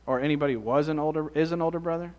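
A man's voice: fairly high pitch, rapid-fire, a little mellow, dull audio. A man preaching a conversational Bible-teaching sermon, reading scripture and asking the congregation questions.

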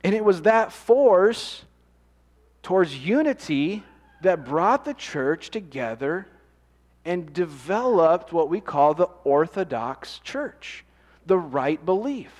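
A man's voice: high voice, very animated, slow pace, darkish tone, long reverb tail. A man preaching a sermon in a conversational way, often asking the congregation questions. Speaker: pastor.

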